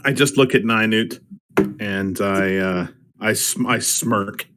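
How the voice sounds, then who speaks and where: A man's voice: on the low side, takes it slowly, background noise. A man playing a tabletop game online, joking and hesitant with many restarts, on a computer mic. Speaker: player. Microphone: computer mic on an online call.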